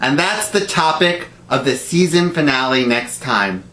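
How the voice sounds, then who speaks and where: A man's voice: medium pitch, animated, measured pace, pushed and bright. A man hosting a web series, telling self-deprecating comic stories full of pop culture jokes. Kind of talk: comic monologue. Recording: echoey room, distant mic, music underneath.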